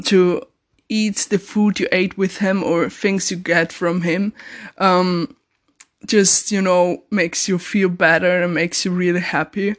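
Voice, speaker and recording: A man with a high voice talks through a drama review in a relaxed, unscripted way. His pitch stays fairly level, and he circles around his points with earnest hedges and restarts. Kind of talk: casual spoken review.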